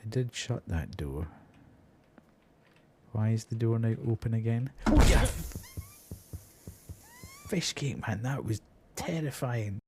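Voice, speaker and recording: A Scottish man talks through a horror game on a live stream, his voice swinging widely up and down as he yelps and laughs at each scare. He speaks in an unhurried, drawn-out way between the frights, with a faint hiss underneath. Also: lowish voice, expressive. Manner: jumpy, laughing reactions.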